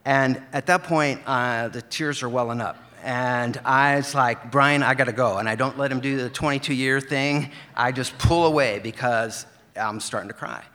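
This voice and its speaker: A man's voice: medium pitch, moderate pace, few pauses. Earnest male storyteller in a hall. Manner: earnest, gentle, emotional. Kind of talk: live storytelling.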